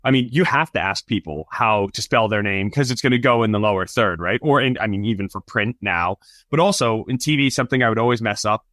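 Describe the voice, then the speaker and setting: A man's voice: fairly low pitch, a bit bright, dry recording, clean studio sound. Chatty male podcast host. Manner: chatty, laughing, quick asides. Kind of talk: casual chat.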